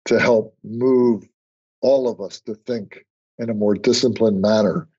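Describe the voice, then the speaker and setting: A man's voice: lowish voice, unhurried, husky. Older man telling workplace stories. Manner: storytelling, animated when quoting others. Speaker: podcast guest. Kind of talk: conversational interview. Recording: muffled lo-fi remote audio.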